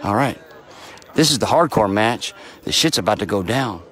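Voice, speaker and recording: A man filming a live wrestling event from ringside, talking in a rowdy, excitable way and swearing freely. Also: on the low side, normal speed, a faint crowd, poor audio. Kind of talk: loud excited ringside chatter. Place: indoor wrestling event in a crowd.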